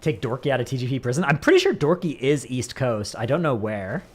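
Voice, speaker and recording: This Bay Area livestreamer has a medium-pitched, slightly mellow voice with big swings in pitch, and he talks a little fast. With his Northern Californian accent, he rambles casually to viewers, scattering "like" through many sentences.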